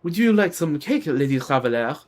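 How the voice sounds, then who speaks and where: A man voicing a polite, formal woman officer in a game, with a halting attempt at a French accent, stumbling over formal phrases. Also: on the high side, sing-song. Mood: courteous. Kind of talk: reading game dialogue aloud.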